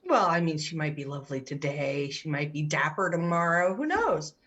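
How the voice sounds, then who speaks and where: A woman's voice: low-pitched, lively intonation, moderate pace, fairly bright tone. A woman introducing her character on a tabletop game stream, playful and chatty. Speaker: player. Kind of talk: casual chat. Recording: dull lo-fi audio.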